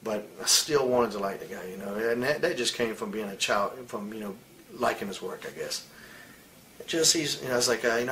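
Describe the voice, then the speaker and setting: A man's voice: lowish voice, a little fast, sharp tone. Blunt, profane man telling heated stories. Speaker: retired pro wrestler as interview guest. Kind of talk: candid shoot interview.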